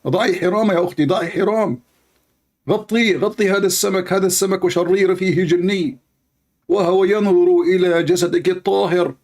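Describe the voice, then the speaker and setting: A man voicing a fussy male TV sheikh who hurriedly warns a woman caller in a raised pitch. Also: steady tone, a little mellow. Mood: alarmed. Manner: high, hurried, fretful warnings.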